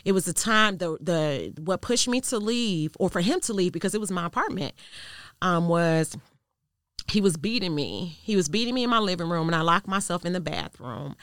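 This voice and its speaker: A woman guest sharing a personal testimony in an interview, telling it in an earnest, measured way that goes quiet at the tense parts. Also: on the low side, lively intonation, no echo, studio quality. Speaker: podcast guest.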